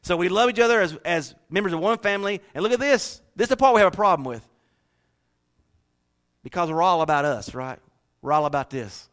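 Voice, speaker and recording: Southern male pastor, folksy sermon, bright ringing tone. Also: sits high, lively intonation, a little fast, long pauses. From North Carolina. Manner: folksy, joking with the congregation. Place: church.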